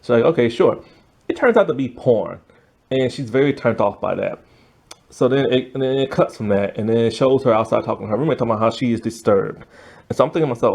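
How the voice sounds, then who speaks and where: A man's voice: medium pitch, normal speed, gravelly. A man giving a casual, rambling review of a show, full of fillers and asides. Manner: rambling and animated, many fillers.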